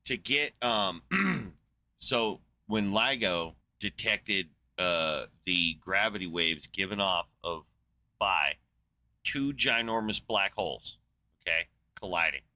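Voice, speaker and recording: A man's voice: sits low, expressive, slow, bright, forceful tone, no echo. A man hosting a podcast in casual chat, rambling and sarcastic with a lot of swearing. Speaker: podcast host.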